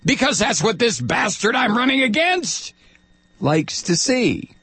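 A man's voice: extremely high pitch, big pitch swings, a little slow, bright, forceful tone, breathy edge, no room sound, pitched above the performer's own voice, full character voice. A man doing a frantic attack-ad candidate. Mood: frantic outrage. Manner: frantic, overblown, fearmongering. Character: ranting male political attack-ad candidate.

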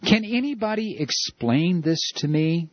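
A man's voice: a little high, expressive, measured pace, no echo, highs cut off. A man hosting a political talk radio show, ranting with stammered repeats.

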